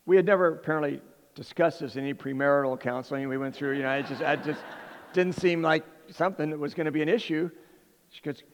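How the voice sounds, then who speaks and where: Middle-aged man, humorous storytelling, rambling, gravelly voice, echoey hall. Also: on the high side, fast talker. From Southern California. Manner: rambling, self-interrupting, animated. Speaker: speaker addressing an audience.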